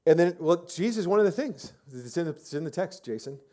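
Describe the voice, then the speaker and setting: A man's voice: on the high side, animated, brisk, darkish tone, a little hiss or hum. A man preaching a sermon as pastor, telling the story in a casual, chatty way with lots of fillers and restarts. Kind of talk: conversational sermon.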